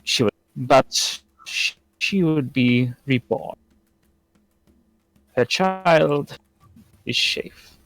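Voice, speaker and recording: A man narrating a tabletop game as game master, in a measured, formal way. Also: medium pitch, fairly bright tone, rough recording.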